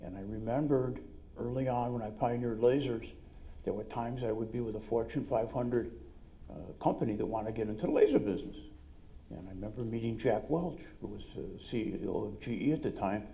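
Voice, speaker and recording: A middle-aged man with a New York accent gives an energetic, salesy seminar talk at a conference, full of quick asides. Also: medium pitch, vocal fry. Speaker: dentist and business speaker. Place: conference room.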